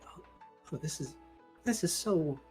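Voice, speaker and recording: Man putting on a high, gushing townsman for a tabletop game: flustered, all exclamations, with faint music behind. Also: animated, unhurried, dark tone. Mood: delighted.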